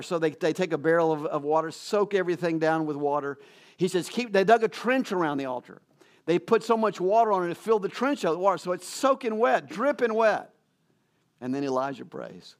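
A man with a fairly high voice preaches a sermon in a conversational storytelling way. He acts out each character's lines and keeps going through fillers and restarts. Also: a little fast. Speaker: pastor.

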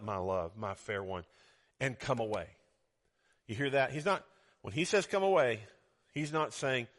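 A middle-aged man preaching a sermon, reading scripture dramatically and swinging between loud exclamations and soft asides. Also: mid-range voice. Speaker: pastor. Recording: long hall reverb.

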